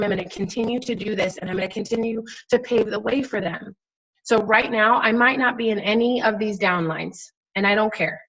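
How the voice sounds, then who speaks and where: A woman's voice: medium pitch, breathy edge, rough recording. A young adult woman, pregnant and close to tears, giving an earnest, emphatic motivational talk over a video call from a friend's house. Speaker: guest network-marketing coach.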